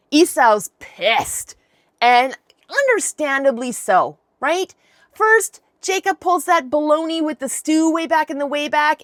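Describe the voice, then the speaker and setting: A woman hosting a podcast who retells scripture in a chatty, irreverent style full of slang. Her voice sits fairly high. The sound is close and dry. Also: no room sound. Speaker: podcast host. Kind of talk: casual Bible story retelling.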